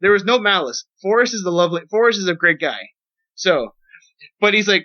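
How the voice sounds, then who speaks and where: High, bright-voiced man telling rambling stories. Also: brisk. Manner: rambling, profane, animated storytelling. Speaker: podcast host. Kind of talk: casual storytelling. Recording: dull lo-fi podcast audio.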